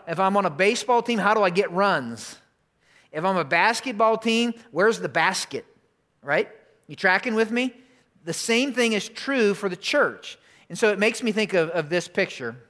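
A man preaching to his congregation in a church, slightly higher-pitched than most men. He talks conversationally, repeats his key lines for emphasis and keeps asking the room questions. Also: a bit bright. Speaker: pastor. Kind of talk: sermon. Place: church auditorium.

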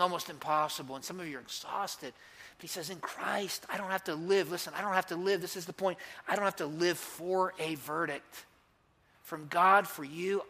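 A man preaching a sermon to a congregation, emphatic, swinging between loud cries and hushed intensity. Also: fairly high pitch. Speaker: pastor.

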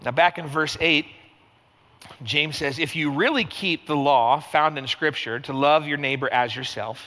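Animated high-voiced male pastor preaching. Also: a little slow. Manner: conversational, animated preaching with lots of fillers. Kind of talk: sermon. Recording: long hall reverb.

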